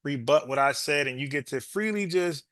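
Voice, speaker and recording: A man's voice: fairly high pitch, animated, moderate pace, a bit bright, dry recording, studio quality. A man hosting a podcast, arguing with a caller, repeating his points and calling him bro. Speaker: podcast host. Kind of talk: heated call-in debate.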